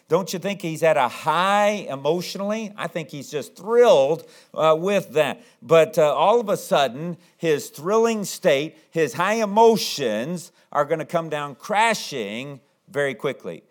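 A man's voice: fairly high pitch, sing-song, moderate pace. A man preaching a sermon who often acts out the pleading voices of the people in his story. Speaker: pastor.

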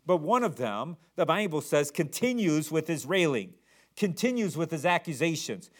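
A man's voice: fairly high pitch, very animated, moderate pace. A man preaching a sermon, reading King James scripture and repeating words as he builds each point. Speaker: pastor.

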